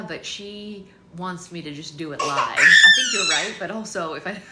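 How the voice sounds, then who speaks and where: A woman's voice: on the low side, a bit bright. Mom doing a chatty live read-along at home, laughs a lot, talks to her baby, room sounds echoey. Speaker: livestream read-along host and mother. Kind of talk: casual livestream chat while minding a baby. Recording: roomy with noisy background.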